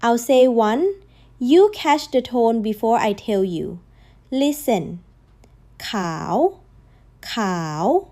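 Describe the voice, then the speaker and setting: A woman's voice: fairly high pitch, animated, takes it slowly, warm tone. A woman teaching a language lesson, patiently drilling tones and drawing out each example word.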